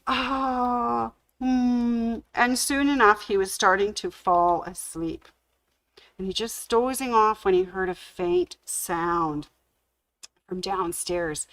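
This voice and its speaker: A woman hosting a sewing channel livestream, telling a ghost story slowly and dramatically. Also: medium pitch, a bit bright.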